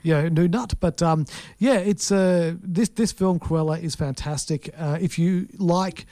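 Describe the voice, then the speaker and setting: A man's voice: a little high, measured pace, warm tone, no room sound, clean studio sound. Hesitant man reviewing films. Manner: hesitant, full of ums and restarts. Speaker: co-host film reviewer. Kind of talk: casual radio chat.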